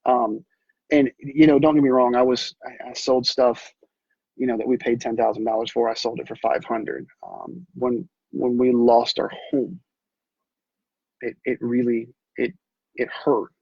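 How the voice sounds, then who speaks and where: A middle-aged man telling his personal story in an earnest, halting way, with many restarts. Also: medium pitch, little pitch movement, creaky, darkish tone, breathy edge, dry recording. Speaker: realtor. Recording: dull, muffled sound.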